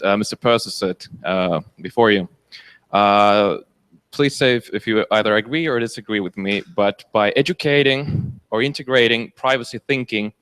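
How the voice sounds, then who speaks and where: A man from the audience asking a hesitant question at a public lecture, with frequent pauses and restarts. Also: on the low side, fairly bright tone, clean tone. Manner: hesitant, many uh fillers, restarts.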